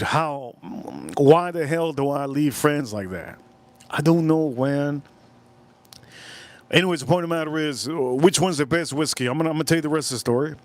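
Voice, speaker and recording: A man riffs through a casual live stream, drifting from story to story in loose slang. His voice sits a bit high, and the sound is dry and close. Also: no room sound. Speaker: livestream host, whiskey reviewer. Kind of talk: casual rambling livestream chat.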